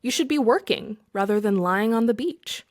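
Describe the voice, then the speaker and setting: An insistent, impatient businessman pressing his advice, as a woman reading a parable puts him on, her voice a touch raised and louder. He lectures in the manner of a storybook telling. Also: fairly high pitch, lively intonation, moderate pace, close to an everyday voice. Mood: lecturing. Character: pushy male businessman growing angry.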